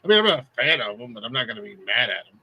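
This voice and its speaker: A man's voice: medium pitch, big pitch swings, very fast, no room sound, lo-fi sound. A man hosting a podcast in casual banter, teasing his co-host and laughing often.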